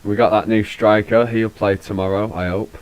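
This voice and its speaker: A man's voice: fairly low pitch, fairly even intonation, normal speed, darkish tone, clean tone, rough recording. A British man, a podcast host, chatting casually and swearing freely, with laid-back banter. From Britain. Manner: swearing, laid-back, puts on posh voices for jokes. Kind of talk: casual chat.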